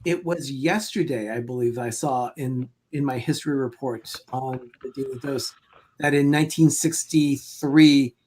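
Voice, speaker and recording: A man's voice: medium pitch, measured pace, darkish tone, slight background noise. A man co-hosting a casual live chat show, sharing trivia in a friendly way. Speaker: podcast co-host.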